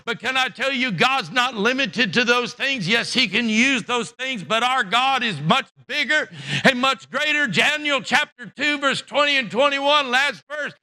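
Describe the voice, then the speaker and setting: High, bright-voiced preaching man. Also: unhurried. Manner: impassioned preaching, shouting at peaks; acts out Bible characters' voices. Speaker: pastor. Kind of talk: sermon. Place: church sanctuary.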